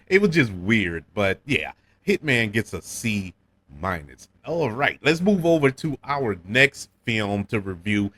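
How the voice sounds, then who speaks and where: A man with a New Orleans accent talks through a movie review in a loose, conversational way. His pitch swings widely and lively as he goes. He stammers on repeated words and laughs now and then. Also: measured pace. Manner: animated, repeats words when restarting, chuckles often. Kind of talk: casual film review.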